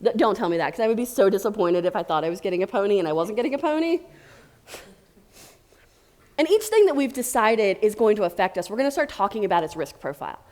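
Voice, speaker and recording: A woman's voice: medium pitch, big pitch swings, fast, a little mellow. A woman speaking at a tech conference as a tester and manager, chatty and playful with jokey asides. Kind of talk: conference talk. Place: conference room.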